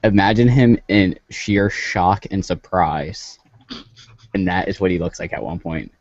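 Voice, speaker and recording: A man's voice: low-pitched, measured pace, a little mellow, no room sound, dull audio. A man co-hosting a gaming podcast, eagerly recommending comics in a casual chat. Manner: enthusiastic recommending. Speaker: podcast co-host.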